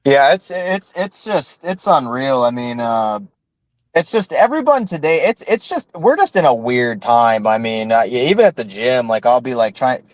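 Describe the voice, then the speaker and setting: A man co-hosting a podcast in casual chat, talking in a halting, rambling way with many fillers and restarts. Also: medium pitch, lively intonation, no echo, poor audio. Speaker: podcast co-host.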